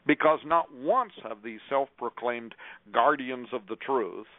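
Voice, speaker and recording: A man's voice: medium pitch, a little slow, no room sound. An older man, a preacher, delivering an emphatic radio monologue to listeners and citing scripture chapter and verse. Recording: tinny phone-like dry sound.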